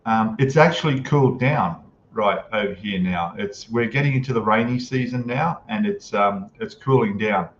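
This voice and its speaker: A man's voice: lowish voice, moderate pace, few pauses. A man hosting a casual live stream, chatting easily and greeting viewers as he reads out their comments. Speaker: livestream host. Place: home room, in Thailand. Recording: echoey room, dull lo-fi sound, faint noise.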